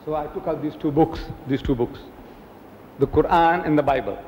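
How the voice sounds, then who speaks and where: Man from south africa, preacher, lively higher voice, echoey lecture hall, faint background noise. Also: normal speed, dull audio. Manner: animated, acts out quoted dialogue with big pitch swings. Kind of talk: public lecture.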